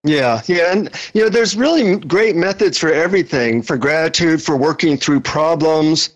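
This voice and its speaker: A man who is a relationship author, talking as an interview guest and telling a story in a friendly, animated way. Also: a little high, moderate pace, muffled recording.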